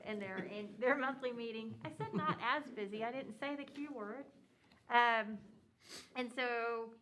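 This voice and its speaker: A woman's voice: mid-range voice, fairly bright tone, a little hiss or hum, poor audio. A woman city commissioner giving a council meeting report, rambling with many fillers.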